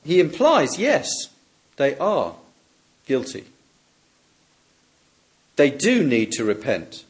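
A man preaching a sermon, measured and emphatic, lifting his voice on questions and dropping softly on key words. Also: mid-range voice, wildly swooping pitch.

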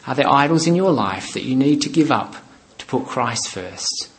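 Pastor guy, medium voice, earnest sermon, goes soft and quiet praying. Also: mid-range voice, expressive, moderate pace, poor audio. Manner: earnest, emphatic preaching that drops to a soft, quiet prayer. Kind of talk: sermon and closing prayer.

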